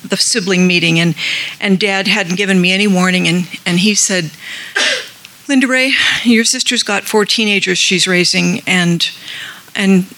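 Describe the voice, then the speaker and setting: A middle-aged woman tells a personal story at a support group, heartfelt and unhurried. Her voice is bright and clear, and she slips into the voices of people she quotes. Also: mid-range voice, rough recording. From Colorado. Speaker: group member sharing. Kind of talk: personal share at a support meeting.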